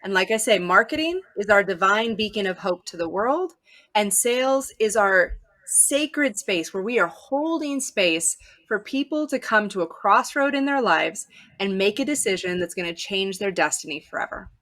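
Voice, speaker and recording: An enthusiastic woman guest talks about sales coaching with emphatic passion. Her voice is bright and crisp, set at an ordinary pitch. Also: expressive, moderate pace. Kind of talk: conversational interview.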